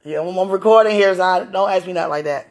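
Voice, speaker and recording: On the low side and darkish in tone, this woman talks fast. As a podcast host and mother recording from home, she addresses a listener in an intimate one-sided conversation, affectionate throughout, laughing a lot and repeatedly calling out to God.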